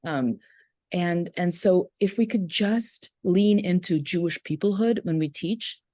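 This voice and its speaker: A woman educator, a guest in a podcast interview, speaking reflectively and with passion, often pausing with fillers. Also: on the low side, animated, warm tone, dry recording, clean studio sound. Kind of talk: conversational interview.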